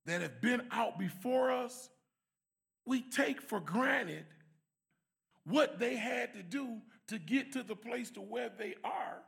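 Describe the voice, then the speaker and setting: A man giving an emphatic church testimony and prayer, swinging from shouts to soft prayer. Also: extremely high pitch, lively intonation, takes it slowly, gravelly.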